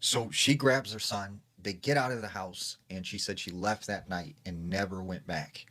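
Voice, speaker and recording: A man's voice: sits low, moderate pace, fairly bright tone. A man casually retelling a secondhand creepy story, peppering it with filler words.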